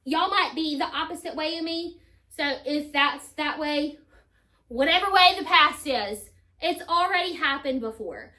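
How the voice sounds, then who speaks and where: A woman teacher, slowly sounding out spelling words for children. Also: high-pitched, sharp tone. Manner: slow, deliberate sounding-out of words.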